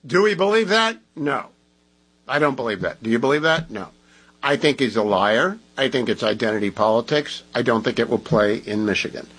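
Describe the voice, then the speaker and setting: A man with a slightly husky voice hosts a talk radio show, speaking into a studio microphone. He talks in an opinionated, conversational way. He sounds groggy from medication. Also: medium pitch, moderate pace, a bit bright, poor audio.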